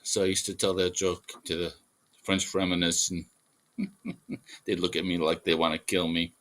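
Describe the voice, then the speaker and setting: Male artist-host, casual rambling monologue, lowish pitch, bright tone. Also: flat delivery, moderate pace. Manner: rambling, with fillers and chuckles. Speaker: artist hosting a livestream.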